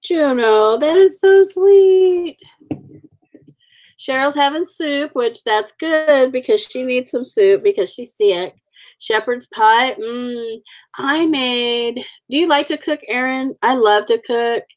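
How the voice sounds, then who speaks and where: Speaking slowly in a fairly high voice, a woman in her forties runs a casual livestream. She chats with her viewers warmly and ramblingly, using many fillers.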